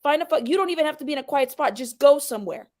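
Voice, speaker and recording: A woman's voice: sits high, expressive, very fast, darkish tone. A woman hosting a livestream, heatedly confronting a viewer in her chat and pressing him to come on and explain himself. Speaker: livestream host.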